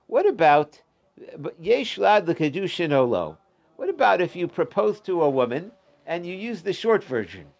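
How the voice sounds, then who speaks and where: A man's voice: high voice, very animated, normal speed, vocal fry, darkish tone. A man teaching an informal Talmud class, explaining step by step and restating his points.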